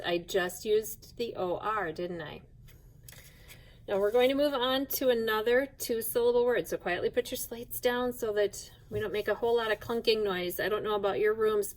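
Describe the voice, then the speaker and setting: A woman teaching a phonics lesson to young children, speaking slowly and clearly and spelling out each sound with patience. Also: mid-range voice, poor audio.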